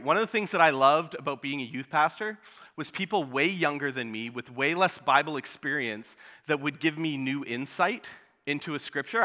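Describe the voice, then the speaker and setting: A man's voice: mid-range voice, bright, forceful tone. A man giving a sermon as a pastor, speaking casually and conversationally with many fillers. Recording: long hall reverb.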